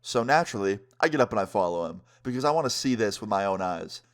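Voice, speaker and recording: A young man vlogger telling a story in an animated, slangy way, swearing often. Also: on the low side, fast. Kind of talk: casual storytime.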